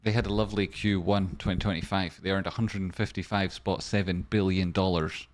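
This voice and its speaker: Casting: male host, low-ish voice, dry jokey delivery, comic market rundown. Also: steady tone, fairly quick. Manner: wry, jokey asides, sudden softer murmurs. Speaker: stock stream host. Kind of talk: comedic market news rundown.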